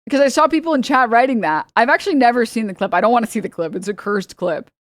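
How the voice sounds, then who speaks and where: A woman's voice: a little high, lively intonation, fast, dry recording. A young woman streaming, talking casually and rambling with exasperated, sarcastic asides to her chat.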